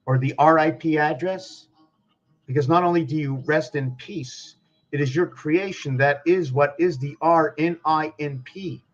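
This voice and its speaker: Man, slightly high voice, very slow and ponderous, musing spiritual monologue, asks himself questions. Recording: dull lo-fi recording.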